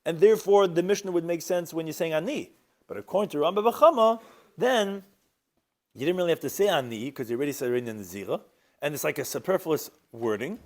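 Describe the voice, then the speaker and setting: Animated man teaching a Talmud class. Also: fairly high pitch, fast. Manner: animated, rhetorical questions, mixes Hebrew and Aramaic terms. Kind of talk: Talmud lecture.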